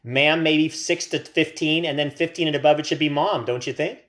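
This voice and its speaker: An American man co-hosts a casual podcast, rambling through playful tangents and mock-serious teasing. His voice is a little high and a bit bright, with fairly even intonation at a normal speed.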